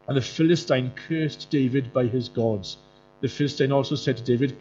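A male preacher, delivering a sermon in an animated way, often jumping into mocking voices. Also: moderate pace. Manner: animated, jumps into high mocking voices for quoted characters. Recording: muffled lo-fi sound with faint music.

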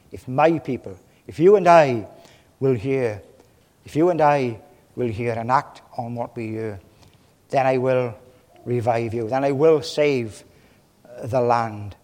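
A man's voice: mid-range voice, a little mellow. Male preacher, from Wales, passionate sermon delivery with big dynamic swings, recorded in a reverberant hall. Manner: impassioned, swelling and dropping in volume. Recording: long reverb of a large hall.

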